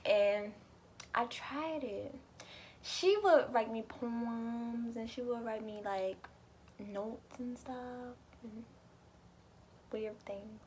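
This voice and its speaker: A young woman telling a story in a casual vlog, animated and chatty, swearing freely and laughing often. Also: on the high side, slow pace, long pauses, a little hiss or hum. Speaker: vlogger.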